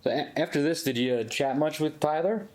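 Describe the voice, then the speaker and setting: Calm male police interviewer. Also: on the high side, brisk. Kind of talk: interview questioning.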